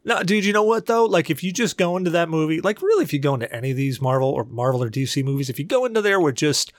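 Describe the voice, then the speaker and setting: A man's voice: a little high, fast talker, no room sound, clean studio sound. A man co-hosting a podcast, chatting casually and telling stories with jokey banter. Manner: rambling, animated storytelling with jokey banter. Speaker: podcast co-host. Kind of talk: casual chat.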